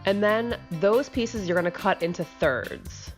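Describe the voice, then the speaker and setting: A woman's voice: medium pitch, a little slow, faint music behind. A woman hosting a cooking channel, chatting in a casual, upbeat way and then walking through the recipe steps.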